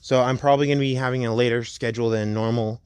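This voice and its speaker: A young man at home casually narrating a fan story, rambling and laid-back, slowing down for the dramatic parts. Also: mid-range voice, steady tone, darkish tone, smooth, no room sound.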